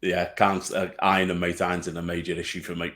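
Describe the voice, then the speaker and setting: A man's voice: sits low, monotone, a little fast, fairly bright tone. A man speaking bluntly in a casual podcast chat with friends, swearing often. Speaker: podcast guest.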